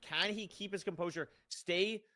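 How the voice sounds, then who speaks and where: A man doing play-by-play commentary, excitedly calling the action. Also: high voice. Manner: excitable, quick to call the action. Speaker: match commentator.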